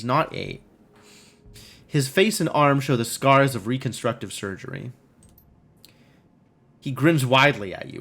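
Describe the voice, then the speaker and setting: A man's voice: medium pitch, gravelly. A man streaming a game, reading its text aloud and adding wry, musing asides.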